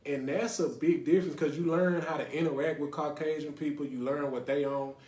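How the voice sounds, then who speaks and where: Man with a higher voice, talking loosely in an echoey room. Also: fairly even intonation, brisk, darkish tone. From Lake Highlands, North Dallas, Texas. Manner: loose and conversational, often asks "you know what I mean". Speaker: podcast host. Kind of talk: casual podcast talk with call-ins.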